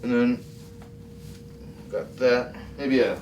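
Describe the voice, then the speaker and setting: A man's voice: medium pitch, animated, brisk, distant mic, slight background noise. A man hosting a comedy show, delivering a monologue with dry, self-mocking asides. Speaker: talk show host. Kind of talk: comic monologue. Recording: roomy echo, off mic, faint music.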